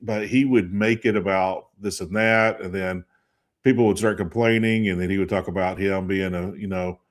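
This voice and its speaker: A man's voice: low-pitched, fairly even intonation, moderate pace. Tired, rambling fifties man. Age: 50s. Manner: rambling, chatty, loses names mid-thought. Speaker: sports talk show co-host. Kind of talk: casual chat.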